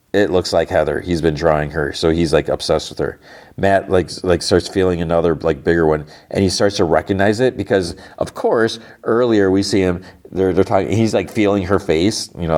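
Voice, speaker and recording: A man with a deep, low-pitched voice hosts a podcast. He retells the action casually and at length, piling up "like" and "you know" as he goes. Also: a little mellow. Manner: rambling, filler-heavy retelling with quick asides. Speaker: podcast host. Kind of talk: casual episode recap.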